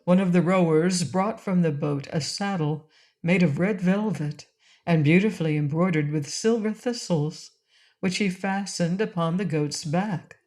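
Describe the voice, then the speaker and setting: A woman narrating a classic children's audiobook in a gentle, clear reading style. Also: lowish voice, a little slow. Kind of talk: storybook narration.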